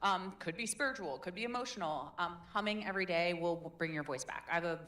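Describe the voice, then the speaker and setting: A woman coaches a group through a live public speaking workshop, chatty and demonstrative. Her voice sits a little low. She keeps things encouraging. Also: fast talker, fairly bright tone. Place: meetup room in a tech hub.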